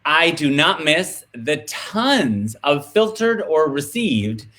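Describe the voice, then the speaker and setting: A man talking as a guest in a casual video-call chat, animated and rambling in his storytelling. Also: a little high, slow.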